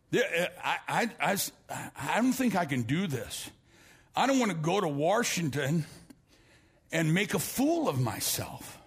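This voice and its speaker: A middle-aged male pastor preaching a sermon in a church, building to shouted emphasis and telling stories with stammered restarts. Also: sits high, slightly rough. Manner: preaching with rising, shouted emphasis and repeated phrases. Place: church sanctuary.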